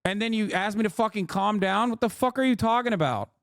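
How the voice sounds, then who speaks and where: A man's voice: sits high, quick pace, a bit bright, no echo, clean studio sound. A man streamer giving heated political commentary, ranting with exasperation and heavy swearing. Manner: mocks others in put-on voices.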